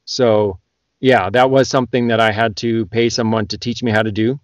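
A man from Canada, an audiobook narrator, chatting as a podcast guest in a lively storytelling way. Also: fairly low pitch, normal speed, no room sound. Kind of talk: casual podcast chat.

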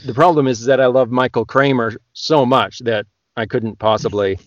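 A man with a Canadian accent, an audiobook narrator on a podcast, talks loudly and gets excited. His voice is close and dry, with no room sound. He sits at a middle pitch. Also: normal speed, dry recording, highs cut off. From Western Canada. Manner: loud, excitable talker. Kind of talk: casual podcast chat.

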